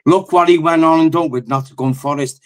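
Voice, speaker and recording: A man's voice: fairly high pitch, steady tone, brisk. A man, a football fan on a live call-in panel, talking bluntly, swearing often and telling stories as he rants about his team. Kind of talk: heated fan call-in rant.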